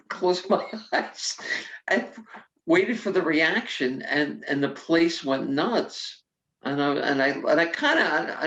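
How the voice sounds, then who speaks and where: An older woman, a comedian guest in an interview, tells frank, lively stories, acting out quoted dialogue and swearing freely. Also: low-pitched. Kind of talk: casual interview storytelling. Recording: roomy, muffled sound.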